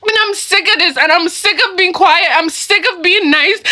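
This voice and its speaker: A woman's voice: very high-pitched, moderate pace, few pauses, bright, forceful tone. A woman in her early twenties, venting in an agitated, tearful rant to camera from her bedroom, recorded on a phone. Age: early 20s. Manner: agitated, tearful venting, says "bro" often. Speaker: upset young woman venting on video.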